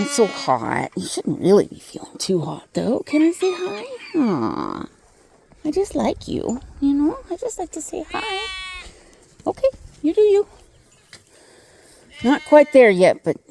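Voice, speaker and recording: A woman chats with her farm animals outdoors in cooing baby talk. Her voice sits fairly high and swoops up and down. She talks slowly and fondly, with faint bleating in the background. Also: creaky, dark tone, a little hiss or hum. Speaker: hobby farmer vlogger. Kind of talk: casual farm vlog talk. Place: outdoor barnyard.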